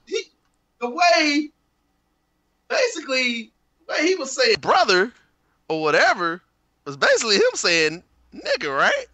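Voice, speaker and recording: A man's voice: extremely high pitch, huge pitch swings, a little slow, long pauses, sharp tone, dry recording. A man co-hosting a podcast, ranting in heated, profane bursts mixed with laughter. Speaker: podcast co-host. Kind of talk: casual chat.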